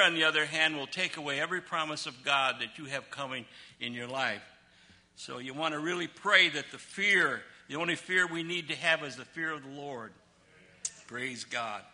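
An older man delivers a sermon in a fairly high, piercing voice. He draws out scripture verses slowly and swings from loud declarations down to quiet, low asides. His tone stays forceful and bright throughout. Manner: emphatic preaching, slow drawn-out scripture reading, big swings between loud and soft. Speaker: pastor.

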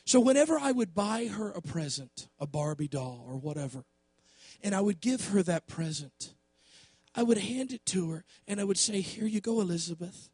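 A middle-aged man, a pastor preaching a sermon with passion, dropping to quiet asides and then rising to shouts. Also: sits high, big pitch swings, normal speed, husky, dry recording, clean studio sound.

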